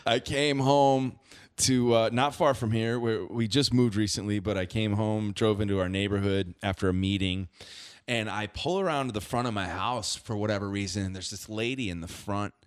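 A middle-aged man, a singer guest on a podcast, telling a story in a lively, jokey way. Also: fairly low pitch, normal speed, clean tone. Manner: lively, jokey, acts out quoted voices. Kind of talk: casual podcast chat, animated storytelling.

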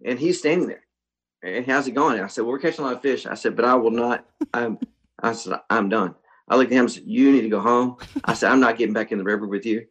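Talking fast in a medium-pitched voice, a Texan guest musician spins a lengthy story during a casual chat, performing the voices of its characters with animation. The recording is rough.

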